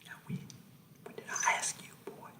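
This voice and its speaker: A man voicing a crude, menacing old drill sergeant in a comic skit, talking in a hushed, drawling whisper and repeating himself. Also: moderate pace. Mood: domineering.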